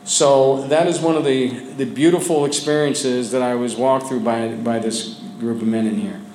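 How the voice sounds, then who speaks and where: Sharing his story with a group of men in a meeting room, this man speaks candidly with fairly even intonation, faltering and restarting often and at times going low and quiet. The recording is echoey, with faint ambience and slight background noise.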